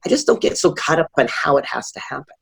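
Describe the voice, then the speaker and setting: A man being interviewed as a guest author and speaker, telling stories in a lively way and acting out the dialogue he quotes. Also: on the high side, fast, gravelly, breathy edge. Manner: animated, acts out quoted dialogue. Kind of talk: casual interview storytelling.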